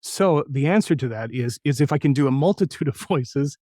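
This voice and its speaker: A middle-aged man, a voice actor, telling stories from his career in a casual interview, animated and sometimes slipping into impressions. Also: mid-range voice, fairly quick, no room sound, studio quality. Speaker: voice actor guest.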